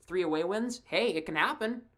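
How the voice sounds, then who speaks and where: A woman giving casual live play-by-play of a hockey game as a fan commentator, excitable and quick to laugh, with chatty asides to a co-host. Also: on the low side.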